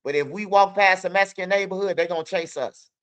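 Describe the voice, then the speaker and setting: A man's voice: high-pitched, fast, a bit bright. Casual young man, raised voice, loose streetwise storytelling. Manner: streetwise, loose, peppers talk with "bro" and "you hear me". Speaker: channel host.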